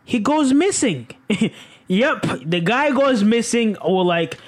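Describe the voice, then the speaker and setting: Casual show recap, profane, exclamatory, animated, sudden high pitch leaps. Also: slow.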